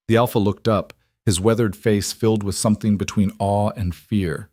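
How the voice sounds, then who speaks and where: Measured male fantasy storyteller, low and dry. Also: steady tone, darkish tone, no room sound. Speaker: narrator. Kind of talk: scripted audiobook narration.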